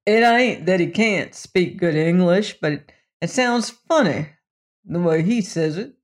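A man's voice: sits high, expressive, unhurried. A man voicing a plainspoken old western sheriff with a rural drawl. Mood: folksy storytelling.

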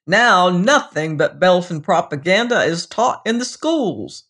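A reader voicing a grumbling, mournful old man who talks gruffly and loudly. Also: mid-range voice, very animated, unhurried.

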